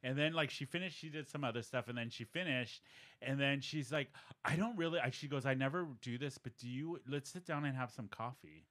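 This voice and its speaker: A man's voice: medium pitch, fairly quick, fairly bright tone. A man co-hosting a podcast, animatedly retelling a story and acting out the quoted dialogue in a casual chat. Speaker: podcast co-host.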